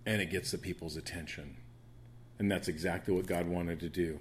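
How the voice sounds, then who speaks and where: Soothing low-voiced man teaching the Bible. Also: fairly even intonation, moderate pace, slight background noise. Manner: rambling, with frequent restarts and fillers.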